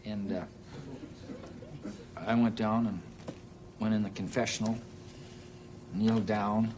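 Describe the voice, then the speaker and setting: A man's voice: lowish voice, steady tone, background noise. Man spinning a folksy stage yarn. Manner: unhurried, halting delivery with many "uh"s. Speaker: stand-up storyteller. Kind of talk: folksy comic anecdote on stage. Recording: live audience laughter and band music.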